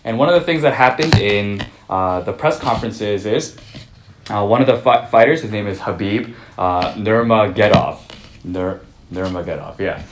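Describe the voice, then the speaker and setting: A man's voice: lowish voice, moderate pace, reverberant, noisy background. A man giving a conversational sermon, full of fillers and restarts, telling a story before turning to scripture. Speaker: pastor.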